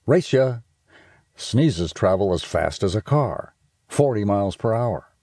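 Guy reading a kids audiobook, low husky voice, playful and swoopy, dry close sound. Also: measured pace, dry recording. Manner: playful and expressive. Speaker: audiobook narrator. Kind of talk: children's audiobook narration.

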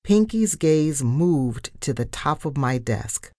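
A woman reading a children's storybook aloud, narrating and giving the characters' lines with lively expression. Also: low-pitched, takes it slowly, dry recording, studio quality.

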